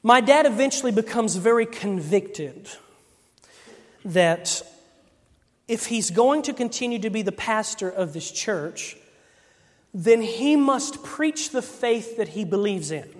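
A man giving a sermon testimony, telling a personal story in an animated way and acting out the voices of the people in it. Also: high voice, takes it slowly. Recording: long hall reverb.

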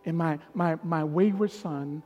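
Middle-aged preacher guy, high raspy voice, goes quiet then shouts, piano softly behind. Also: unhurried, dull audio. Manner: swings from hushed to shouting peaks. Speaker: pastor. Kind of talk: sermon with storytelling. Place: large church hall. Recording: long hall reverb with faint piano. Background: soft piano.

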